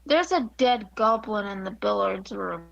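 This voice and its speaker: A woman's voice: mid-range voice, expressive, a little slow, gravelly, fairly bright tone, lo-fi sound. A woman playing a tabletop game, speaking in a hesitant, wry way. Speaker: player. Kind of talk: tabletop role-play.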